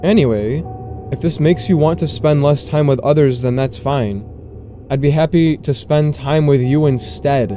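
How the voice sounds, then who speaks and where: A composed schoolgirl club president in a visual novel, speaking calmly and persuasively, as a man reads her lines aloud. The voice is mellow and slightly high, and soft music plays faintly underneath. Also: moderate pace, natural voice.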